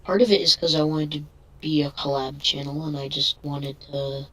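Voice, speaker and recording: A man's voice: fairly high pitch, normal speed, rough recording. A man chatting casually on an online voice call, crude and sarcastic. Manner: crude, sarcastic, flat delivery. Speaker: guest.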